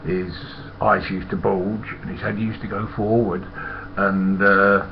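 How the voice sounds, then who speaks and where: A man's voice: low-pitched, flat delivery, measured pace, vocal fry, lo-fi sound, noisy background. A man, a former lorry driver telling stories in a rambling, blunt and profane way. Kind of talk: casual storytelling monologue.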